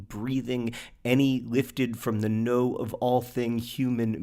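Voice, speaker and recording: A man co-hosting a podcast, reading poems in a slow, measured way and chatting in quick asides with plenty of fillers. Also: fairly low pitch, darkish tone. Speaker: podcast co-host. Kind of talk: reading poems aloud and casual chat.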